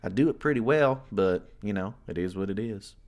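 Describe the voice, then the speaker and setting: A man's voice: fairly low pitch, animated, brisk, a little mellow. A man from the US West Coast, chatting casually as a livestream host, rambling and greeting viewers by name. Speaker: livestream host and horror story narrator.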